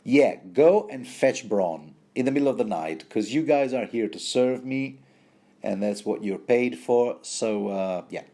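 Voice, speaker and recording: A man's voice: mid-range voice, lively intonation, unhurried, dark tone. A man voicing a sarcastic, impatient male lord in a snappy, mocking manner. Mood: dismissive.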